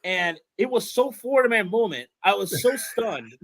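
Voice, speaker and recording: A man's voice: high-pitched, moderate pace, no echo, poor audio. A man hosting a casual sports podcast, rambling through stories with lots of restarts and fillers. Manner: rambling, many restarts and fillers, excited storytelling. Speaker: podcast host.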